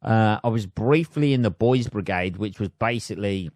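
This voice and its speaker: A man's voice: fairly low pitch, moderate pace, darkish tone, no room sound, studio quality. A man hosting a solo comedy podcast, ranting and swearing with frequent laughs and mock impressions. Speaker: podcast host.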